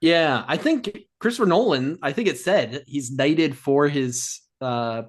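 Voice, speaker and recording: Easygoing laughing man, lively pitch. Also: a little slow. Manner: easygoing, laughs often, agreeable. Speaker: podcast co-host. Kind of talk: casual chat.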